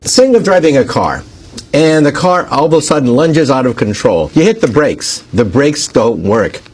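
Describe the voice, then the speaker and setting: A man's voice: medium pitch, big pitch swings, moderate pace, a little mellow, breathy edge, soft background music. A man explaining a nuclear accident as an expert, building long everyday analogies step by step. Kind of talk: explanatory interview speech.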